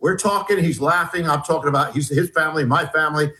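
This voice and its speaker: A man telling a story in an interview as a guest author, halting and restarting often while acting out dialogue. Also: on the high side, bright, forceful tone, poor audio. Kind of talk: animated storytelling.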